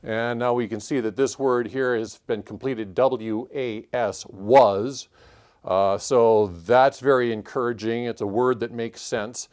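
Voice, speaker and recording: A man hosting a puzzle channel, thinking aloud as he calls out letters and clue numbers in a measured solve-along walkthrough. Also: medium pitch, fairly even intonation, darkish tone, clear, resonant tone. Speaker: puzzle-solving channel host.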